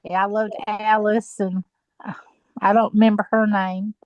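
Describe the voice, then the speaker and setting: A woman's voice: medium pitch, level tone, moderate pace, a little mellow, no room sound. An older woman chatting as a guest, telling long stories and laughing easily. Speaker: guest sharing experiences. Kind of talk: casual chat.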